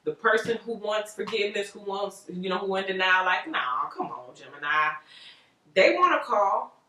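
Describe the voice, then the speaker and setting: A woman giving a casual tarot reading to viewers, animated and rambling, with frequent laughs. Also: medium pitch, normal speed, far from the mic. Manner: animated, chatty, loose and rambling, laughs often. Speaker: tarot reader. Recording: roomy echo, voice off-mic.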